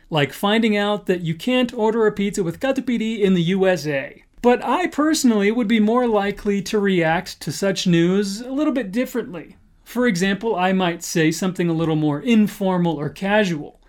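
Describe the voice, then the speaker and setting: A man's voice: high voice, expressive, normal speed, hardly any pauses. A young man teaching a casual English lesson, playfully acting out example phrases.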